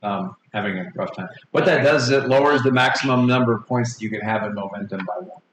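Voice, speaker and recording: A man in his forties running a tabletop game for his kids, rambling and playful, slipping into quick character voices. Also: mid-range voice. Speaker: game master. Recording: echoey home room with faint noise.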